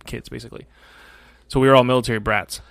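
A man in his forties, a podcast co-host telling a story in casual chat, animated, swearing freely and acting out voices. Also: mid-range voice, quick pace, gravelly, no room sound, clean studio sound.

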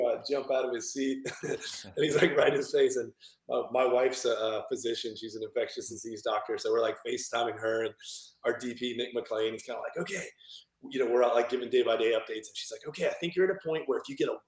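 A man being interviewed as a film director, telling stories in a loose, animated way with lots of fillers and laughter. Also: mid-range voice, quick pace, reverberant, poor audio. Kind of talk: casual storytelling interview.

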